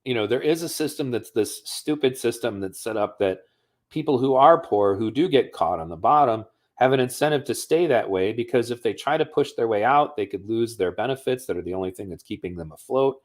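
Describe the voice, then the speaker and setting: A man's voice: mid-range voice, animated, a little fast. A man from the United States talking casually on a livestream, telling a personal story in a profane, conversational way. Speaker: streamer.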